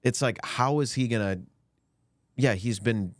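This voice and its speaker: A man co-hosting a podcast, riffing in a deadpan, mock-earnest casual chat. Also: medium pitch, a little slow, no echo. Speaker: podcast co-host.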